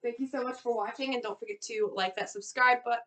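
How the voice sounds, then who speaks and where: A young woman with a Southern US accent, co-hosting a casual vlog and telling stories in an animated way, with lots of "like". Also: a little high, quick pace. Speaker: co-host. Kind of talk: casual chat.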